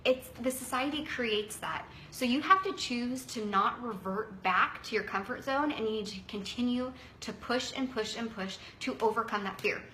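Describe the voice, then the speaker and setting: Woman, 30s, motivational coaching talk, energetic, chatty, bright tone, echoey room with faint ambience. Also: normal speed, hardly any pauses, slight background noise. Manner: energetic, chatty, acts out quotes in a higher voice. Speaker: wellness coach.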